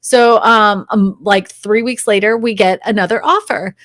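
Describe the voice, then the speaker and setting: A woman, a real estate agent, chatting as a guest, telling lively stories and laughing often. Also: mid-range voice, unhurried, no room sound, studio quality. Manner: animated storyteller, laughs often, acts out quotes. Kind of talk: casual interview chat.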